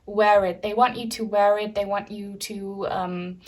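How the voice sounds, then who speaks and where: A woman's voice: mid-range voice, fairly even intonation, unhurried. A young woman giving a pick-a-card tarot reading to camera, chatty and filled with ums, addressing viewers as guys. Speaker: tarot reader.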